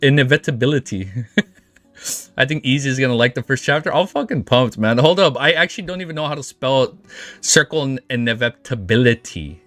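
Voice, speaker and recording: A man hosting a casual livestream, chatting in an excitable, rambling way and swearing freely. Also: on the high side, no echo. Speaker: livestream host. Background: faint background music.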